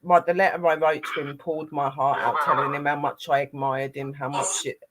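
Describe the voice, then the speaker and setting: A woman's voice: low-pitched, flat delivery, brisk, very noisy. A woman hosting a live paranormal panel chat, speaking tenderly to her late grandad through a spirit box.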